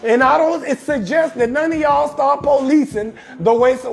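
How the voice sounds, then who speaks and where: This is a young man with a strikingly high voice, holding court as host of his own livestreamed talk show. He delivers crude comic advice in a loud, brash stream and greets viewers in his chat by name. Soft music plays faintly behind him. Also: gravelly. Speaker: comedian hosting a live talk show. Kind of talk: profane comedic advice monologue on a livestream.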